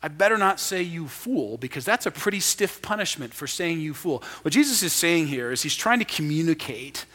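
Bright, high-voiced pastor in a reverberant hall. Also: male voice, sing-song, moderate pace, hardly any pauses. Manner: conversational, acts out quoted lines. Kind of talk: sermon. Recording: long reverb of a large hall.

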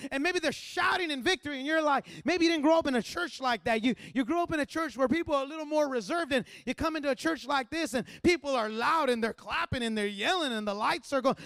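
Male pastor preaching, pitched very high, dry close-miked sound, conversational turning fervent. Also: a bit bright, no echo. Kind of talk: sermon.

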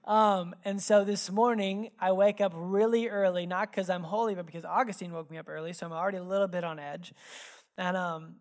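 A woman delivers a sermon like a heart-to-heart, chatty and frank, with plenty of fillers and asides. Her delivery climbs into lively, emphatic stretches, then drops to quiet, hushed reflection. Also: on the low side, a little fast. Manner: conversational, candid storytelling with many fillers. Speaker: pastor.

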